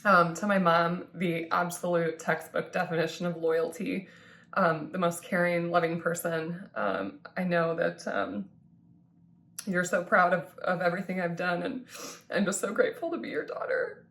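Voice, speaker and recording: A woman in her thirties speaks in a low, fry-edged voice, thanking the people close to her. She sounds tearful and heartfelt, pausing often with ums and restarting her sentences. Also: fairly bright tone, a little hiss or hum. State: tearful, crying at times. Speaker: vlogger thanking supporters. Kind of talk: emotional personal thank-you vlog.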